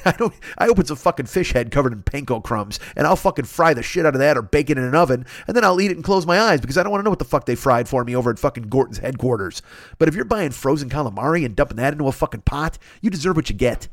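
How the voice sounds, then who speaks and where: A man's voice: on the high side, no room sound, clean studio sound. A middle-aged man on a podcast, rambling through a crude, profane comedic rant and laughing at his own jokes. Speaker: podcast host.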